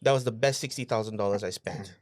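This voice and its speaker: A man's voice: on the low side, fast, no room sound. Guy on a podcast, keeps repeating himself for emphasis, dry close mic. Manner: animated, repeats phrases for emphasis, asks rhetorical questions. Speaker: podcast guest, entrepreneur. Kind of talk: casual interview storytelling.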